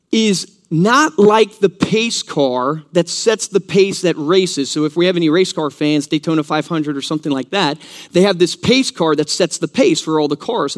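A man preaching a sermon in church, earnest and teaching, who repeats key points for emphasis. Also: sits high.

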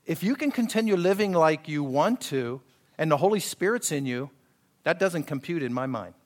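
A man's voice: on the high side, animated, normal speed. A man pastor preaching a sermon in a conversational way, acting out quoted voices and asking his listeners if they follow. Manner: conversational preaching, acts out quoted voices, asks the congregation for agreement.

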